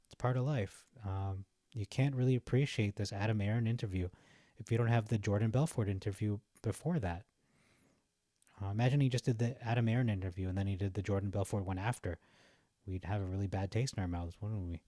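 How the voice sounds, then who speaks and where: Casting note: young male vlogger, chatty and easygoing, low mellow voice, dry close sound. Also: fairly quick, no echo. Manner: chatty, laughs at his own jokes, frequent fillers. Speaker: stock market vlogger. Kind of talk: casual rambling commentary while browsing.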